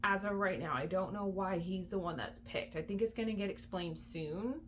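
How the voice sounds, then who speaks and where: Chatty young mom vlogging about books. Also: female voice, mid-range voice, moderate pace, a little hiss or hum. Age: young adult. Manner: chatty, rambling, many likes and ums. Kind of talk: casual vlog chat.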